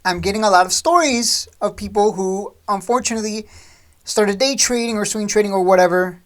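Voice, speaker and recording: A woman's voice: mid-range voice, a little fast. A woman hosting a stock trading channel, talking straight to the viewer in a blunt, scolding, sarcastic rant.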